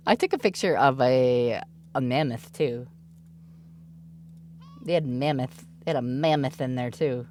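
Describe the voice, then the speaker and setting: A woman in her thirties, a mother streaming, talks casually with a very deep, slightly mellow voice at a measured pace, pausing often. She giggles and laughs a lot as she tells stories, and there's a faint hiss or hum.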